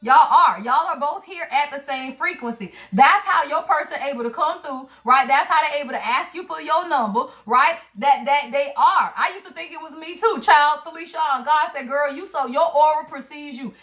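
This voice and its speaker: A woman's voice: high voice, animated, moderate pace, hardly any pauses, pushed and bright. A woman doing a spiritual card reading on a livestream, chatty and emphatic, talking straight to her viewers with casual slang and swearing. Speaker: tarot reader.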